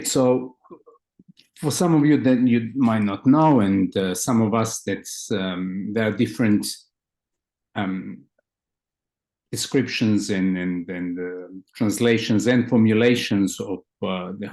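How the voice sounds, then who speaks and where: A man with a somewhat low voice answers questions as a guest therapist. He explains slowly and thoughtfully, stopping often and repeating words as he searches for them. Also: warm tone. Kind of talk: conversational explanation.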